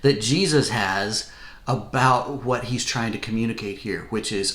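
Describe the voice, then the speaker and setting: A man co-hosting a casual faith podcast, reflective and growing animated when excited. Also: fairly low pitch, measured pace. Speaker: podcast co-host who has preached. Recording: roomy echo.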